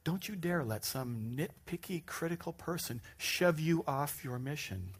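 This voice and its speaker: A pastor preaching a sermon to a congregation, joking and self-deprecating with animated asides. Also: male voice, fairly high pitch, measured pace, breathy edge. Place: church stage before a congregation. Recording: music playing behind the speaker.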